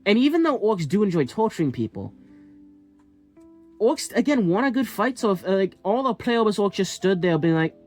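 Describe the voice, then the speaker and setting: A man's voice: high voice, sing-song, fairly quick, darkish tone, faint music behind. A man musing aloud in a casual, speculative monologue, rambling with lots of fillers and restarts. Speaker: commentator.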